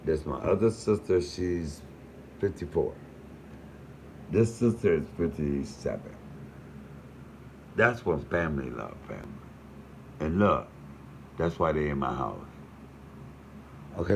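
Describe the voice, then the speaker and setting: A man's voice: a bass voice, animated, a little slow, vocal fry, long pauses, a little hiss or hum, poor audio. A man in his fifties talking casually and profanely, getting heated. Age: 50s. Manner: profane, heated, rising to shouting on the phone. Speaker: comedian host. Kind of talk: casual emotional monologue.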